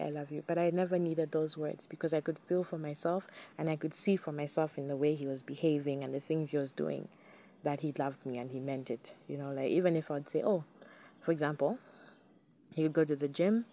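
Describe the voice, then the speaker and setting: Chatty low-voiced woman podcaster. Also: dark tone. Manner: chatty, candid, addresses listeners as guys. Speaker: podcast host. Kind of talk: casual solo podcast talk.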